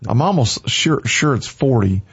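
A man's voice: medium pitch, expressive, a little slow, fairly bright tone, breathy edge, muffled recording. A man with a Southern American accent, hosting a rambling, casual radio chat. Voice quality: folksy, rambling and chatty. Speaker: radio host.

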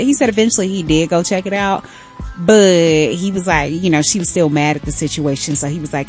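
A woman hosting a radio show, chatting and telling a story in an animated, sassy way. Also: medium pitch, moderate pace, soft background music. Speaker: radio host. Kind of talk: casual radio chat.

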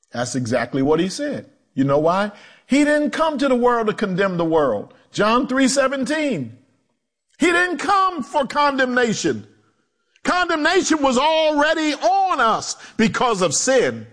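A male pastor preaching a sermon, animated, acting out quotes in low voices and joking with the congregation. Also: a little slow. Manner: animated preaching with swooping pitch and dramatic drops.

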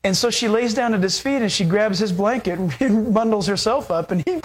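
A preacher telling a Bible story during a sermon in a casual, animated way, full of fillers like "you know" and "uh". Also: medium pitch, moderate pace, few pauses, breathy edge.

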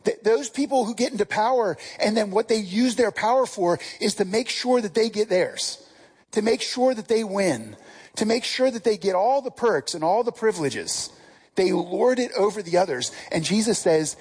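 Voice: medium pitch, animated, normal speed, darkish tone, breathy edge. A pastor preaching a casual sermon, talking conversationally and often restarting and repeating words.

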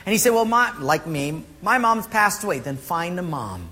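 A man preaching a sermon, telling stories with animated acted-out voices and dropping low and soft for emphasis. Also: moderate pace. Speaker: pastor. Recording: hall reverb, faint room noise.

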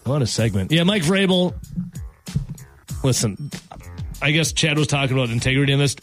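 A man's voice: mid-range voice, normal speed, soft background music. A man co-hosting a casual sports radio show, joking with wry asides.

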